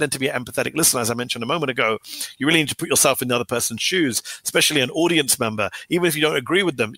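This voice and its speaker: A man speaking as an author and guest in a podcast interview, talking fast and emphatically with an argumentative drive. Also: a little high, pushed and bright, no room sound.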